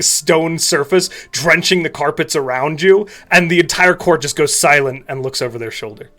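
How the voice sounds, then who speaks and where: A man's voice: on the high side, pushed and bright. A man running a tabletop game as game master, narrating scenes loosely with fillers like "um" and "like.".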